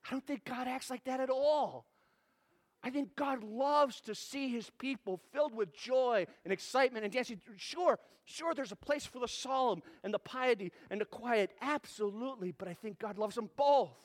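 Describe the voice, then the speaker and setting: High-voiced animated male pastor preaching. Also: normal speed. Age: adult parent. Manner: animated, conversational preaching with rhetorical questions. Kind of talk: sermon.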